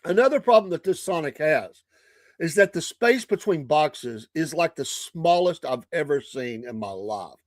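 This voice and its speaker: A man's voice: a little high, lively intonation, normal speed, dry recording, clean studio sound. An older man with a Southern US accent telling a casual story on his morning show, chatty and laughing often.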